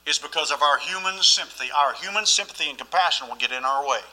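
A man's voice: on the high side, expressive, quick pace, sharp tone, rough recording. A man preaching a sermon as pastor, emphatic and often asking the listeners questions.

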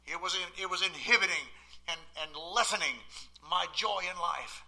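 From the pulpit of a church, a male pastor preaches a sermon, swinging between loud, emphatic outbursts and quiet asides. His voice is high-pitched at a moderate pace.

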